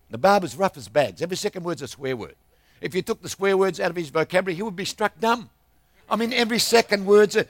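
A man's voice: high-pitched, fairly bright tone, dry recording. An older man, preaching a sermon as a travelling minister, telling stories and asking the congregation for responses.

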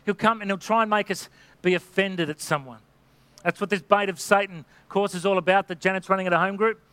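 A man's voice: sits high, steady tone, a little fast, bright, forceful tone, clear, resonant tone, no room sound. A middle-aged man preaching a sermon in an earnest, exhorting way, now and then acting out the voices of people in his examples. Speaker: pastor.

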